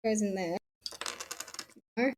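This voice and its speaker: Unboxing souvenirs on stream, this young Australian woman talks casually, drops the odd swear word, and often leaves sentences unfinished. She speaks slowly in a darkish, mid-range voice, and there's a slight hiss or hum.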